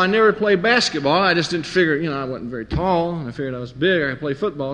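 Guy preaching w/ lively stories, bright voice, big echoey hall. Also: on the high side, quick pace, few pauses. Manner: animated storyteller, mimics friends. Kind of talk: sermon with storytelling. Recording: long hall reverb.

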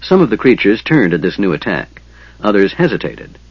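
A man narrating a fantasy audiobook in a steady, measured storytelling manner. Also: fairly low pitch, husky, no room sound, lo-fi sound.

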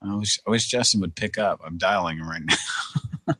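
A man's voice: low-pitched, a little fast, bright, forceful tone, no room sound. A man hosting a podcast in loose, profane chat, laughing often and swearing casually. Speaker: podcast host.

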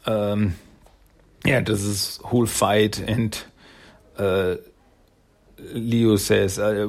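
A man's voice: lowish voice, flat delivery, extremely slow, long pauses. A man casually recapping a cartoon episode, rambling with fillers and chuckles.

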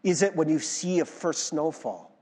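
A young man with a fairly high, slightly rough voice preaches a sermon as pastor in a large hall, speaking at a normal speed. He's animated, chatty and self-mocking, checking in with listeners often with a frequent "right?"

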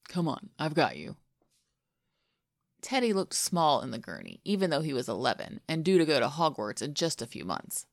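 A woman reads fan fiction aloud in a soft, intimate way. Her voice is low with a gravelly fry. The recording is close and dry, with no room sound. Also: huge pitch swings, a little fast, few pauses, no echo. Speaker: podfic reader. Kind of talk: fan fiction audiobook narration.

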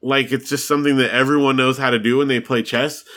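A man's voice: medium pitch, level tone, fast talker, a bit bright. A man hosting a podcast in casual chat, talkative and laughing easily. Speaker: podcast host.

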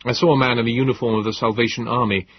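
A man narrating a story in a measured, descriptive way. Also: mid-range voice, fairly even intonation, slightly rough, lo-fi sound. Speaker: audiobook narrator. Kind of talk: scripted narration.

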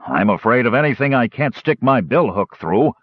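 A man's voice: medium pitch, animated, normal speed, breathy edge, dry recording, muffled recording. A man voicing a cruel, greedy bandit leader who talks in a coarse, threatening way. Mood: menacing.

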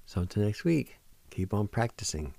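A man hosting a radio language lesson who patiently spells words out letter by letter and sounds out each syllable, gently encouraging learners not to give up. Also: on the low side, very animated, normal speed, creaky, no room sound. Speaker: radio host teaching language.

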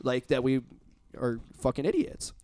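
A man's voice: medium pitch, animated, normal speed, dark tone. A man talking casually on a podcast, rambling and emphatic, swearing often. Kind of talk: casual chat.

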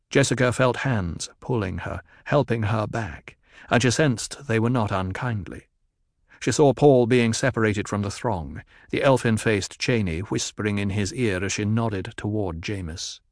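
A man narrating an audiobook in a steady, even reading. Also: fairly low pitch, no room sound, clean studio sound.

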